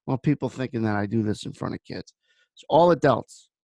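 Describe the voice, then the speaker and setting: A man's voice: mid-range voice, a little fast, vocal fry, warm tone, dry recording. A man hosting a trading room, giving blunt market commentary that wanders into personal stories. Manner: blunt, rambling storyteller.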